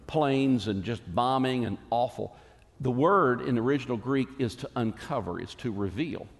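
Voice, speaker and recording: A man preaching a sermon as a pastor, earnest and emphatic, with dramatic pauses. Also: medium pitch, in a large hall.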